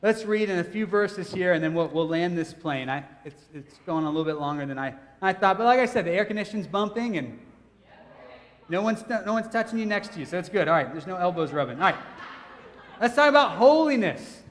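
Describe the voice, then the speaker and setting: A man's voice: sits high, a little fast. A man preaching a sermon, telling a personal story with humor and speaking directly to his congregation. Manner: animated, humorous, chatty storyteller who addresses the congregation. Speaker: pastor. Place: church hall. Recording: long hall reverb, church sanctuary.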